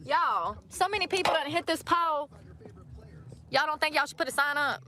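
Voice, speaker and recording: A woman's voice: high-pitched, moderate pace, background noise. A woman vlogging casually from her car, chatty and blunt, swearing freely. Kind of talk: casual chat while driving.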